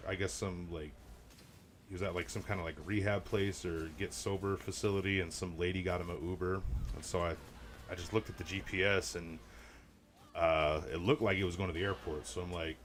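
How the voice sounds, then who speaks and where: A man's voice: deep voice, steady tone, normal speed, a bit bright, a little hiss or hum. A laid-back man chatting casually while gaming, rambling and swearing freely as he tells stories. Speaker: game streamer.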